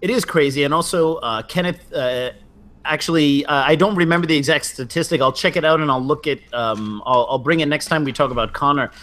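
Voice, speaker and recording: A man in casual sports chat, talking in a measured, analytical way with frequent fillers. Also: fairly high pitch, fairly bright tone. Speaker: podcast co-host.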